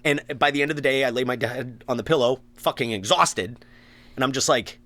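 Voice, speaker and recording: A man's voice: mid-range voice, fairly quick, bright, forceful tone. Earnest man, casual recovery talk. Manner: earnest, swears, acts out his own thoughts. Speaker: podcast co-host.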